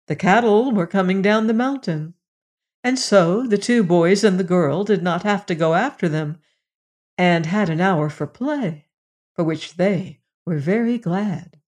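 A woman's voice: on the low side, darkish tone. Woman reading a storybook aloud. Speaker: narrator. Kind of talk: storybook narration.

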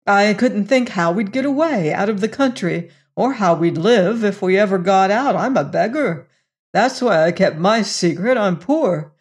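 A woman voicing an earnest, excitable young frontier man in an audiobook, speaking emphatically. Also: mid-range voice, close to an everyday voice. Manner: emphatic, rising to excited outbursts.

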